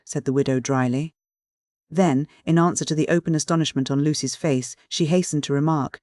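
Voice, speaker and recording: A measured audiobook narrator reading a classic mystery novel. The voice sits at a middle pitch and is recorded close and dry, with no room sound. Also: level tone, darkish tone, no room sound. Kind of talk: scripted narration.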